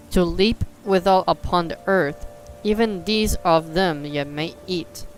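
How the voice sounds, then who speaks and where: A livestreamer reads old scripture aloud in a middle-pitched voice, stumbling and restarting on the archaic words. Faint music plays behind the steady reading. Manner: breaks off into joking asides.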